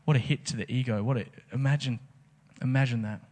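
A man's voice: mid-range voice, fairly even intonation, fast talker, darkish tone. Aussie guy preaching, laid back chatty sermon, asks the crowd stuff. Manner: casual, conversational preaching with rhetorical questions. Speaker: pastor.

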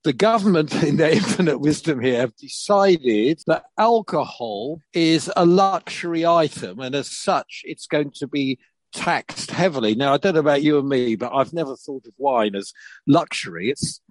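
A man's voice: a little high, expressive, normal speed, no room sound, rough recording. An older man, a podcast co-presenter chatting casually with wry laughs and frequent restarts. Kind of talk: casual chat.

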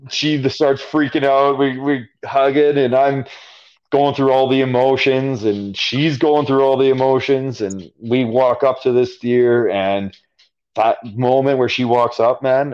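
A man's voice: medium pitch, darkish tone. A man with a Canadian accent, a podcast guest telling a story casually, full of fillers. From Alberta, Canada. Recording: dull lo-fi audio.

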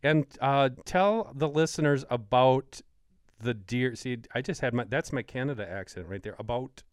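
A man's voice: medium pitch, animated, normal speed, no echo, clean studio sound. A man from Wisconsin hosting a hunting podcast, asking questions eagerly and working through numbers. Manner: enthusiastic, asks questions, quotes numbers. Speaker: podcast host. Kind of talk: casual podcast interview.

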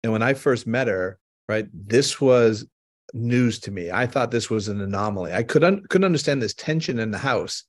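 Guy hosting a podcast, earnest and explaining, mid-pitched, dry close mic. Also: expressive, normal speed, no room sound. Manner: earnest, explanatory, tells personal stories. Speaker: podcast host. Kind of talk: conversational storytelling.

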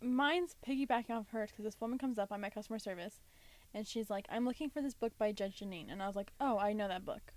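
A woman co-hosting a podcast, calmly telling a story about a customer at her old job. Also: medium pitch, fast talker. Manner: dry retelling, quoting a customer. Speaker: podcast co-host. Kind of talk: casual chat, storytelling.

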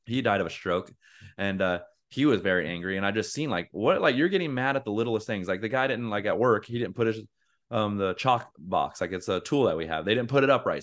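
A man's voice: lowish voice, animated, fast talker, fairly bright tone. A young man co-hosting a podcast in casual chat, earnest and rambling with lots of fillers. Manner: acts out angry quotes in a raised voice. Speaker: podcast co-host.

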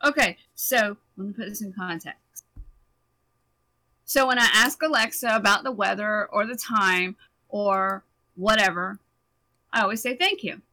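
Bright playful woman co-hosting a chat. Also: mid-range voice, measured pace, long pauses, low-quality recording. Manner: playful, laughing, teasing. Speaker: co-host. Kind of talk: casual chat.

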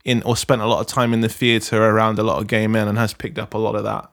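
A man's voice: fairly low pitch, flat delivery, fast. A man co-hosting a podcast, chatting casually in a rambling, amused way. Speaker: podcast co-host. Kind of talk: casual chat.

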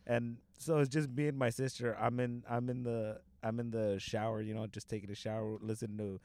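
A man's voice: medium pitch, little pitch movement, a little fast, darkish tone, no echo. A young man from Southern California tells a long story in loose, casual chat. He swears freely and leans on fillers constantly. The recording is dry and close. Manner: rambling, profane, filler-heavy storytelling.

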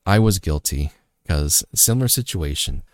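A man's voice: low-pitched, lively intonation, moderate pace, dry recording. A man sharing a personal story as a father in an earnest, repetitive, reflective motivational faith talk.

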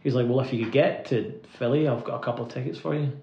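A man's voice: medium pitch, creaky, mellow, a little hiss or hum. A man with a Scottish accent, a guest musician telling rambling anecdotes in a casual interview, often laughing and filling his talk with "like". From Scotland. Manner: rambling anecdotes full of "like" fillers, quick to laugh. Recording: roomy, slightly dull recording.

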